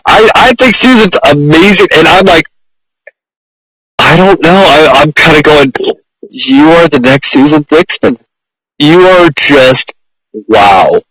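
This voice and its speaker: A man hosting a podcast, speaking effusively and haltingly with many repeated words. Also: a little high, lively intonation, a bit bright, dry recording, poor audio. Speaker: podcast host, pet groomer. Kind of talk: conversational interview.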